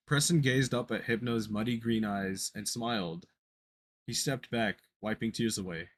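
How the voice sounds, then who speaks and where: This podcast co-host has a fairly low voice and reads a creepypasta aloud at a moderate pace. He keeps it casual, frequently tripping over words and then fixing them.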